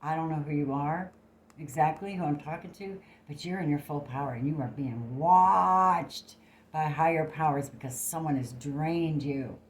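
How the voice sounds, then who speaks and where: At a moderate pace and in a low voice, a tarot reader speaks bluntly and emphatically to camera, swearing freely through a casual reading. It's recorded on a phone in an echoey room, with a little hiss or hum.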